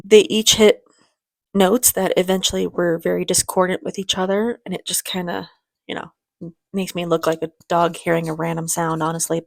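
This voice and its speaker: A woman hosting a reaction video, chatty and rambling, laughing easily and sounding emotional, close to tears. Her voice sits a bit low, with a gravelly fry running through it. It is recorded dry and close, with no room sound. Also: no room sound. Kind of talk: casual reaction chat.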